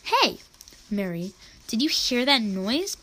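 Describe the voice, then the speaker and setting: A woman reading aloud and voicing an eager, excited young boy in a children's storybook, with a bright, exclaiming manner. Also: fairly high pitch, slow pace, full character voice.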